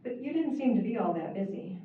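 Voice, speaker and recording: A woman's voice: medium pitch, very animated, fairly quick, close to an everyday voice. A woman reading aloud and voicing a friendly, eager young American woman who rescues seals, recorded with heavy echo over a thin, phone-like line. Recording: echoey, distant, phone-like and hissy.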